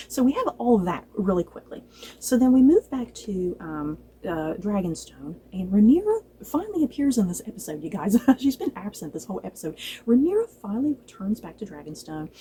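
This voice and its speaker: A woman casually reviewing a TV episode, chatty and animated, laughing often and acting out lines from the show. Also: mid-range voice, slight background noise, rough recording. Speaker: book and TV reviewer.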